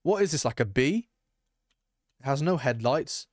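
A young man chatting excitedly to his viewers as he streams a game, reacting loudly and calling out to chat. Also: mid-range voice, measured pace, no echo, studio quality. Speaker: gaming streamer. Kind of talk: live gameplay commentary.

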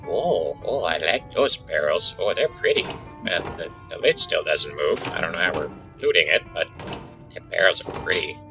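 A man playing an excitable, hot-tempered young gamer in a comedic trailer skit, goofy and prone to shouting outbursts. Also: sits low, moderate pace, music in the background, pitched below the performer's own voice. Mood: admiring.

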